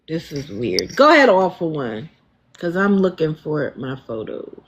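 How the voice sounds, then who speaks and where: A woman's voice: sits low, big pitch swings, unhurried, highs cut off, slight background noise. A woman hosting a casual livestream, talking indignantly and accusingly. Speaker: livestream host.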